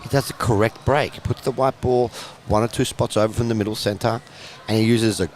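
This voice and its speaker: A man's voice: medium pitch, fairly even intonation, brisk, slight background noise. Chatty male pool commentator. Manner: chatty, explanatory. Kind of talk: live sports commentary.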